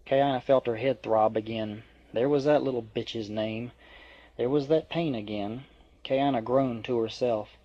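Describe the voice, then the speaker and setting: A man reading a novel aloud in a steady, even narrating voice. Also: medium pitch, measured pace. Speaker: audiobook reader. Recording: dry, dull lo-fi.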